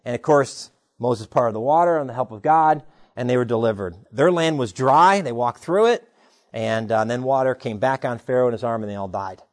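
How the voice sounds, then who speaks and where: A pastor with a mid-range voice preaches a brisk sermon in a conversational, animated way. He retells stories and poses rhetorical questions to his listeners.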